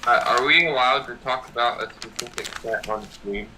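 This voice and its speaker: A man's voice: medium pitch, normal speed, sharp tone, slight background noise, rough recording. A young man in casual livestream chat, laid-back, reading out chat messages. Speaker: livestream co-host.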